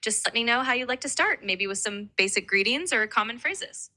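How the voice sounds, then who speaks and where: Bright, upbeat female AI voice; helpful tutor, chatty and explanatory. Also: on the high side, animated, fairly quick. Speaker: AI voice assistant. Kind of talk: assistant chat, tutoring.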